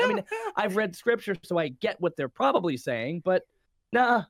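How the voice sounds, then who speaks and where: A man's voice: high voice, big pitch swings, moderate pace, no echo. A man co-hosting a podcast, chatting casually about a movie in a jokey, questioning way. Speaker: podcast co-host. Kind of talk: casual movie review chat.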